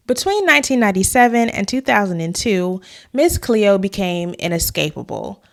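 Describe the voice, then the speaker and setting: A young adult woman hosting a commentary vlog, talking in a conversational, analytical way with casual asides. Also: mid-range voice. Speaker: host.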